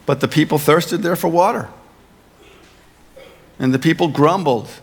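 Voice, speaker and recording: A male pastor giving a sermon, earnest and emphatic, slowing down on key phrases and slipping in playful asides. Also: fairly high pitch, slightly rough, in a large hall.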